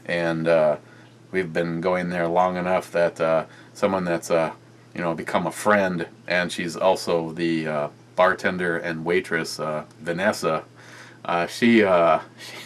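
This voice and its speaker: A man's voice: low-pitched, level tone, measured pace, a little hiss or hum. A man chatting loosely in a home beer-review vlog, rambling with many fillers and restarts. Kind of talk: rambling casual vlog chat.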